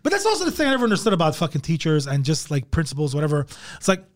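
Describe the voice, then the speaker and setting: A man's voice: wildly swooping pitch, very fast. A male comedian telling a story on a podcast in casual chat, swearing constantly and acting out quoted dialogue. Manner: acts out quoted dialogue with big pitch jumps. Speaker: comedian guest.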